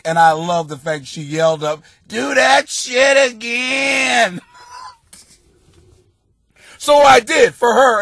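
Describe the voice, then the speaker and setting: A middle-aged man hosting a comedic advice podcast, rowdy and profane, often breaking into loud laughter. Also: sits high, no echo. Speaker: podcast host giving advice.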